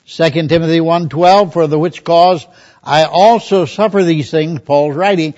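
A man's voice: a little high, steady tone, unhurried, darkish tone. An older man, a pastor, preaching a conversational sermon, telling folksy stories and reading scripture aloud. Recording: dull lo-fi recording.

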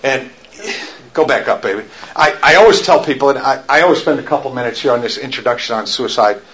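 Guy, middle-aged, animated storyteller, roomy muffled recording. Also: medium pitch, fast talker. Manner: animated storyteller, laughs often, shouts in acted quotes. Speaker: speaker giving a faith talk. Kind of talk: storytelling talk to an audience. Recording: roomy, dull lo-fi sound.

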